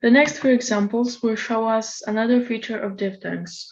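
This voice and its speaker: A woman presenting a recorded lecture in a measured, explanatory way. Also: fairly high pitch, fairly even intonation. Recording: slightly dull lo-fi recording.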